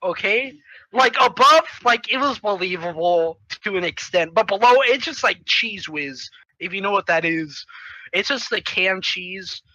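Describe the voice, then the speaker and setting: Man, very high bright voice, rambling comedic movie recap, animated, dry close sound. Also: a little slow, no room sound, muffled recording. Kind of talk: casual comedic movie retelling.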